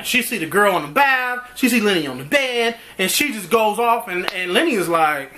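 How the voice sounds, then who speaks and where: Reviewing a TV drama episode in a relaxed recap, a man speaks at a moderate pace in a high-pitched voice, with slight background noise. He's animated, performing characters' lines as he goes.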